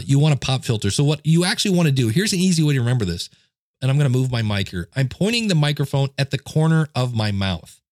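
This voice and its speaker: A chatty male podcast host walks through audio tips in a relaxed, self-deprecating way. His voice sits at a middle pitch and is close-miked on a studio microphone. The sound is dry and free of room echo. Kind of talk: casual how-to talk. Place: home desk setup. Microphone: dynamic studio mic, close.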